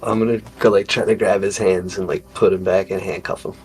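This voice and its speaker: A man's voice: low voice, level tone, fairly quick, a little mellow, faint music behind. A man casually describing his character's actions in a tabletop game, swearing freely. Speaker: player.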